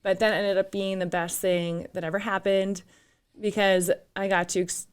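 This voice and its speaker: A woman's voice: medium pitch, little pitch movement, moderate pace, clean tone. A woman in her thirties from northern Minnesota with a Minnesotan accent, a guest telling her story in a laughing, open way in a studio. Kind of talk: casual interview chat. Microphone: studio microphone.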